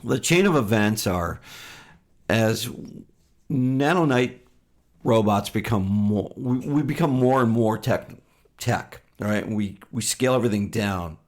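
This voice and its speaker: Low-voiced man chatting casually on a podcast. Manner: halting, laughs easily, many fillers. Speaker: podcast co-host. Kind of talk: casual chat.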